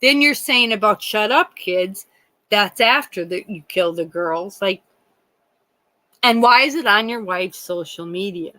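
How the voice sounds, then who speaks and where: A woman's voice: medium pitch, unhurried, bright, forceful tone, no room sound, rough recording. A woman hosting a true crime livestream, talking in a rambling, indignant way with many restarts and some swearing. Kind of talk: casual livestream chat.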